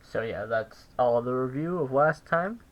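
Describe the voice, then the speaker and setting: A man giving a casual recorded language lesson, thinking aloud with pauses and restarts. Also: mid-range voice, expressive, lo-fi sound. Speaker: language teacher.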